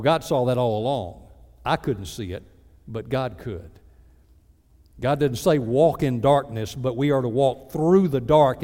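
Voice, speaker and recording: Male pastor, mid-pitch, animated sermon with mock-prayer asides; long church reverb. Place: church sanctuary.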